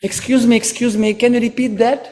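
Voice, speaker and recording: A man's voice: very high-pitched, flat delivery, brisk, darkish tone, big-room sound, pitched above the performer's own voice. A man with a Russian accent voicing an eager, scheming male thief in a told story, firing off pushy questions.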